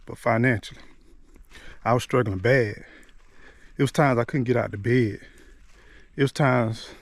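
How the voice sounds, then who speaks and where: A man's voice: mid-range voice, dry recording. Middle-aged man telling his story. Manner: conversational, drops in "man" and "you know what I'm saying" often; repeats and restarts words as he recalls. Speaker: motivational vlogger. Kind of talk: personal storytelling.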